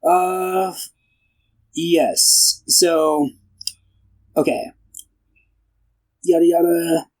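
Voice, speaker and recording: A man's voice: a little high, low-quality recording. Young man rambling through a plot recap. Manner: rambling plot recap, acting out characters' lines. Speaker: podcast co-host. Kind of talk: casual film podcast chat.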